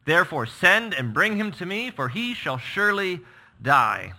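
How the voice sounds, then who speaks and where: Man doing a furious king, loud scolding, sharp bright tone. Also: high voice, very animated, measured pace, voice pushed up, heavily acted. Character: furious older king berating his son.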